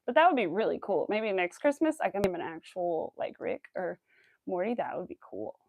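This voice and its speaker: A young woman crocheting on a livestream from home with a clip-on mic, chatting with viewers and softly counting her stitches. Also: fairly low pitch, sing-song, brisk, creaky, dry recording. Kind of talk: casual chat while crocheting on stream.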